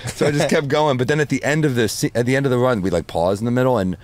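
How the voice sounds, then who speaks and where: A man telling animated stories in casual podcast chat, swearing freely. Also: mid-range voice, rapid-fire. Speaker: comedian guest.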